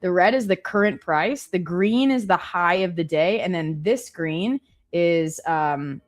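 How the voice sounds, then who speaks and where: A woman with a fairly low voice talks casually on a live stream. She is chatty and self-deprecating and keeps quoting her own thoughts. Faint music plays underneath. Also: measured pace. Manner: chatty, self-deprecating, quotes herself often. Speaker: co-host trading live.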